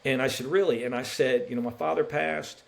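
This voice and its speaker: A man's voice: medium pitch, fairly quick, gravelly. A middle-aged man, a basketball referee, telling his personal faith story on a podcast in an earnest, emotional way, restarting often. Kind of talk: personal testimony in a podcast interview.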